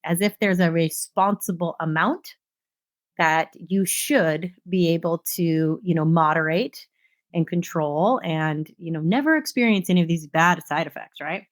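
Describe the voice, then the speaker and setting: A woman speaks earnestly on her solo podcast, in a voice that sits a little low for a woman. She sounds impassioned but stays conversational, as if talking straight to her listeners. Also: measured pace. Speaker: podcast host.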